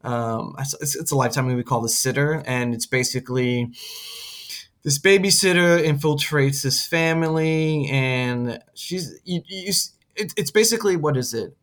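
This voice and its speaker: A man's voice: mid-range voice, a little fast, hardly any pauses. A man co-hosting a podcast, chatting casually about movies in a rambling way, with many restarts and acted-out quotes. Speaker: podcast co-host. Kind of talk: casual chat.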